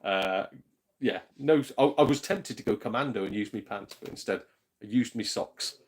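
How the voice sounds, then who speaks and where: A man's voice: on the low side, moderate pace. A man chatting casually on a live stream, rambling, laughing often and greeting viewers. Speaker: YouTube gaming channel host.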